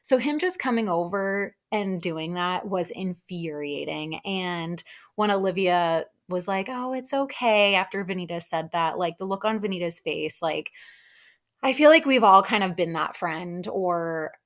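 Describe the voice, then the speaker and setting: A young woman hosts a casual chat recap, talking in a friendly, gossipy way. She is animated and often puts on other people's voices to replay what they said. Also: fairly low pitch, a little slow. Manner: chatty and animated, acts out quotes in put-on voices. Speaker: podcast host recapping reality TV.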